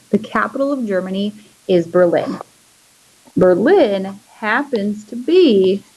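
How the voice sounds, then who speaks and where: A woman teacher giving a casual history lesson, chatty and relaxed, using lots of fillers as she draws and explains. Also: medium pitch, rough recording. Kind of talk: casual classroom lecture.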